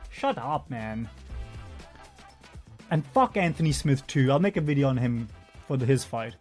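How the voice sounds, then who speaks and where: A man's voice: medium pitch, animated, a little fast, a little mellow, faint music behind. A man giving a profane, mocking commentary rant over interview clips. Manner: mocking, profane, does sarcastic impressions. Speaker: YouTube commentator.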